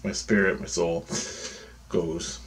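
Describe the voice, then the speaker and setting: A man's voice: low-pitched, steady tone, slow. A man telling a long dream story in a casual, meandering, profane way.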